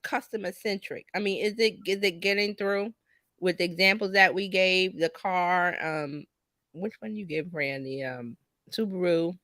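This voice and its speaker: A middle-aged woman co-hosting a casual business chat, animated and jumping high in pitch when she quotes herself. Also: unhurried, no echo, studio quality. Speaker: co-host, business coach. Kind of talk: casual live-stream chat.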